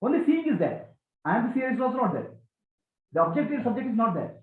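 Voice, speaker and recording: A man giving a spiritual talk to a gathering, animated and questioning, repeating key phrases. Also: extremely high pitch, quick pace. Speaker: spiritual teacher. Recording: echoey, tinny phone-like sound.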